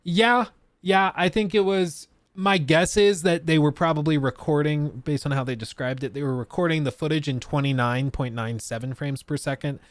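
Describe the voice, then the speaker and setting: A man's voice: on the high side, steady tone, moderate pace, dry recording. A young man hosting a casual live stream, chatting with his viewers and laughing often. He breaks down technical details as he reacts. His voice is recorded close and dry, with no room sound.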